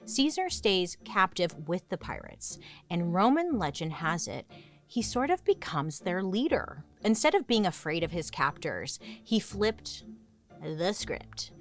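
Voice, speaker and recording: Young woman, low-set voice, very lively pitch, sarcastic chatty storyteller, faint music underneath. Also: a little slow. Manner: chatty, sarcastic asides, dramatic swings. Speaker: host. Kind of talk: comedic history storytelling.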